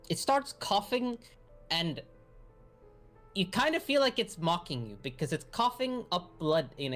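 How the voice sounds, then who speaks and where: A woman runs a tabletop game in a low but lively voice, rambling and swearing casually as she narrates. Faint music sits behind her. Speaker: game master.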